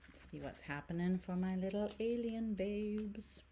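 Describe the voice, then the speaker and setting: A woman's voice: mid-range voice, measured pace, mellow, slight background noise. A woman from Canada doing a casual tarot reading to camera, chatty and giggly, full of "like" and dropping into whispered asides. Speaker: tarot reader.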